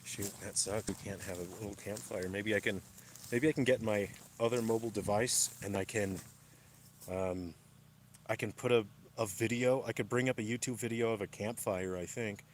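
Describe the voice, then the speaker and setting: A man's voice: on the low side, steady tone, moderate pace, a little hiss or hum. Breathless man streaming from a mountain camp. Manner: huffing and puffing from thin mountain air. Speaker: livestreamer. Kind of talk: casual livestream chat. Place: campsite outdoors in the mountains at night.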